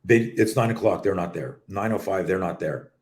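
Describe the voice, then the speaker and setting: A man's voice: sits low, normal speed, echoey room. A middle-aged man from Canada, a self-defense coach hosting a live talk show, telling rambling stories and swearing casually. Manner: animated, swearing, rambling storyteller. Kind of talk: casual live-stream storytelling. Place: home office.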